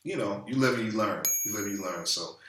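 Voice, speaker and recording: Low-voiced man rambling in an echoey room. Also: fast talker, fairly bright tone, far from the mic, slight background noise. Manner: loose, profane, rambling with many fillers. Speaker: vlogger. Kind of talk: casual talking-head monologue. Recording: roomy echo, a bit off-mic.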